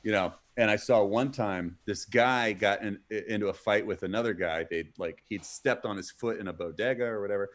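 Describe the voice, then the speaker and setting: A man's voice: lowish voice, fairly quick, hardly any pauses. A man, a comedy stream co-host, telling a story casually and acting out what people said. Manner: animated, acts out what people said.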